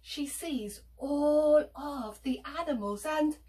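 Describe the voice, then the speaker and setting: A woman telling an interactive children's story, animated and sing-song, with whispers and gasps for effect. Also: sits high, takes it slowly, far from the mic.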